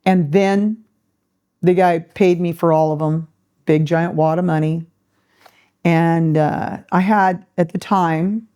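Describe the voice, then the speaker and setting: A woman's voice: fairly low pitch, warm tone. A middle-aged woman hosting a podcast, telling a story in a casual way, acting out the voices she quotes and laughing often. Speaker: podcast host.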